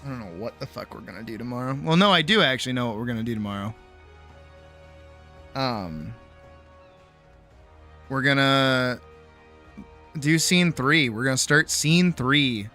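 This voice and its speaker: Tired, bright-voiced late-night streamer, swearing. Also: male voice, medium pitch, animated, normal speed, long pauses, soft background music. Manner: rambling, swears freely, self-mocking. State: tired, sore jaw. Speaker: streamer and animator. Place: home streaming setup.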